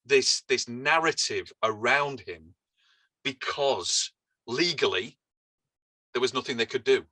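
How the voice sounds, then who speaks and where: Male guest, frustrated and passionate, sharp bright tone, dry close sound. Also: medium pitch, takes it slowly, no echo, rough recording. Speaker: podcast guest. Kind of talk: casual political chat.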